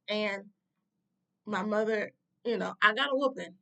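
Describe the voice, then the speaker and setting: A woman with a gravelly, fry-edged voice recounts her own past in a personal story time. She talks bluntly and with emphasis, at an ordinary pitch and an easy conversational flow. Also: unhurried, pushed and bright.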